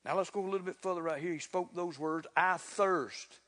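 A man preaching a sermon in a folksy, fervent way, building to loud exclamations. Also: high voice, brisk. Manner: folksy, repeats "look here". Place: church sanctuary. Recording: reverberant church hall.

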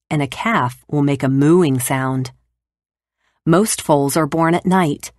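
Low-pitched female narrator for a kindergarten lesson, clear and steady. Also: slow pace, dry recording, clean studio sound. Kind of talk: educational read-aloud for kindergarten.

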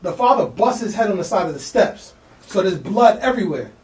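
Fast-talking New man telling a story. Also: high voice, roomy sound, recorded from a distance. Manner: excited, slangy, acts out the people in his story. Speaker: podcast guest. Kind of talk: animated storytelling.

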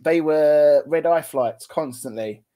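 A man talking as a guest on a podcast, relaxed and blunt with his opinions, laughing easily. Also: a little high, slow pace. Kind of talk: casual chat.

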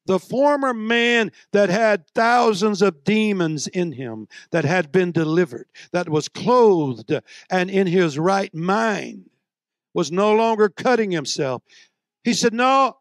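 A man preaching a sermon, moving between soft, low storytelling and loud, shouted exhortation. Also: slow, no room sound, studio quality.

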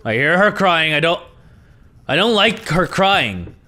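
A young man giving jokey, animated commentary while playing a horror video game, often swearing as he reacts. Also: fairly high pitch, a little slow. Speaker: gaming YouTuber. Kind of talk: let's play commentary.

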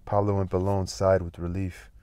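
Deep-voiced man reading a novel aloud. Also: clear, resonant tone, no echo, clean studio sound. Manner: steady, unhurried with occasional slips and restarts. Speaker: audiobook reader.

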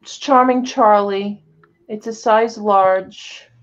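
A woman's voice: medium pitch, steady tone, slow. A woman hosting a casual live-stream sale, chatting and calling out viewers by name. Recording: dull lo-fi sound.

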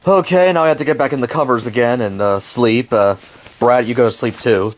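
A man's voice: medium pitch, a little fast, lightly acted. A man voicing a gloomy, grumpy dog who grumbles in an amateur toy drama. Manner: glum, grumbling.

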